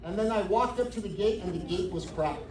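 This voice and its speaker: A man's voice: high voice, a little fast. A man giving a humorous acceptance speech at a jiu-jitsu academy, telling a story with comic timing. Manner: anecdotal, comic timing, grows sincere. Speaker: black belt receiving promotion giving speech. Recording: echoey room, far from mic, noisy crowd.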